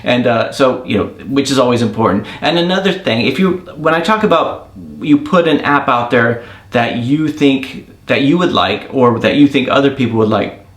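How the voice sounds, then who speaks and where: A man at an ordinary, mid pitch talks through his thoughts as an indie app developer, drifting into a casual rant. His voice carries a roomy echo. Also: lively intonation, moderate pace. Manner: thinking aloud, rambling rant. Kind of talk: casual daily monologue.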